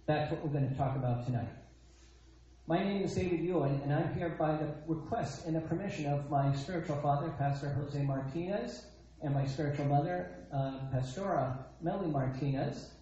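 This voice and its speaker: A man's voice: on the high side, moderate pace, mellow, a little hiss or hum. A man preaching a sermon, emphatic, repeating his phrases and asking rhetorical questions. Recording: echoey dull lo-fi sound.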